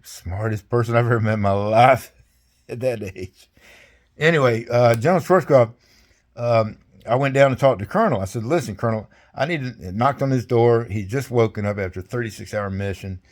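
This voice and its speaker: A man's voice: mid-range voice, normal speed. An older man recounting his service in a rambling, folksy way, speaking casually over a video call. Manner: rambling, folksy, salty, chuckling. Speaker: veteran interviewee. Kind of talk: casual storytelling interview.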